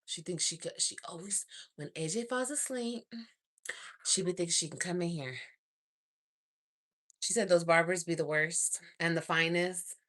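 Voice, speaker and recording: A young woman vlogging at home at night, chatting casually in a gossipy way, swearing, sighing and laughing often. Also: lowish voice. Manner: gossipy, animated, swears, laughs and sighs a lot. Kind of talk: casual chat to camera.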